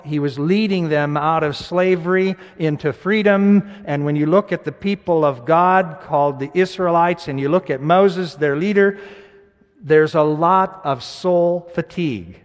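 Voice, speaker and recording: A male pastor preaching a sermon, moving between loud, emphatic scripture reading and hushed, quiet reflection. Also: on the high side. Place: church sanctuary. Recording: church sanctuary with long reverb.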